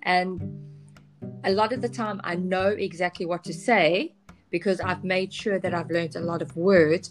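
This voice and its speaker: A woman chatting as a podcast guest, candid and hesitant, with many pauses and restarts. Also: fairly low pitch. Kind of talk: casual podcast chat.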